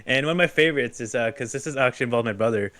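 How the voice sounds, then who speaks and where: Animated male podcast guest who laughs through his stories and acts out the quotes. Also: medium pitch, rapid-fire. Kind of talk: casual storytelling.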